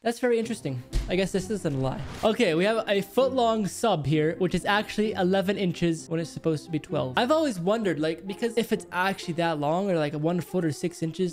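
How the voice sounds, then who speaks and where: A man's voice: high-pitched, lively intonation, fast, faint music behind. A young man from Canada rambling casually through a reaction video, with mock-shocked outbursts.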